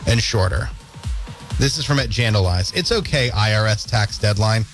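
A man's voice: on the low side, normal speed, soft background music. A man hosting a morning radio show, telling stories with jokes and laughs in a casual studio banter. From Canada. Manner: jokey, animated storytelling with laughs.

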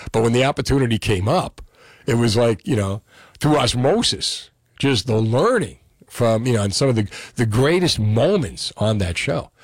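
A man's voice: mid-range voice, animated, moderate pace, dry recording, clean studio sound. A middle-aged man with a New Jersey accent, a radio host telling stories in a casual, chatty way with many fillers.

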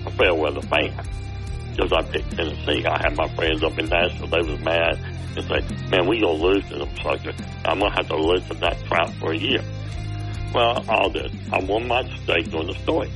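A man's voice: sits low, gravelly, low-quality recording. Rambling indignant caller man. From Alabama. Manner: animated, rambling, indignant storytelling. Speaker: radio caller. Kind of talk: call-in sports talk.

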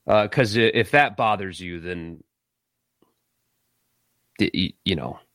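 A man from South Carolina, hosting a casual live sports talk stream, animated and exasperated. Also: deep voice, slow pace, dry recording, studio quality. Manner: animated, exasperated, laughs and sighs.

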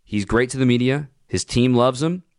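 A man hosting a sports radio show, ranting with opinionated, punchy emphasis and sudden jumps in pitch. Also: normal speed, a little mellow, dry recording, studio quality.

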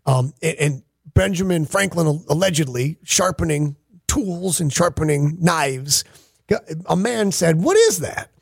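A man's voice: on the high side, a little slow, vocal fry, slightly rough, no echo. A man hosting a sports radio show, chatting casually and rambling through stories with many self-corrections, on a studio microphone. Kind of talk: casual on-air banter.

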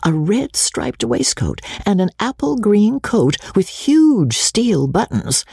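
An expressive audiobook narrator reading a classic novel with a very animated, lively pitch. The voice is husky and breathy, recorded dry and close. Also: no room sound. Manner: expressive, ironic asides.

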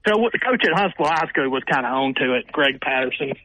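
An older man, a sportswriter telling animated stories as a radio guest and acting out what people said. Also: medium pitch, fast talker, dry recording, dull audio. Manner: animated storyteller who acts out quotes with raised voices. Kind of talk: radio interview storytelling.

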